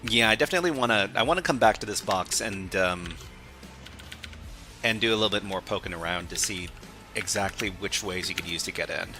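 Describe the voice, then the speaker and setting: A man's voice: sits low, brisk, sharp tone, faint music behind. A man hosting a live stream, chatting casually as he works through a hacking exercise, often restarting his phrases. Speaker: stream host.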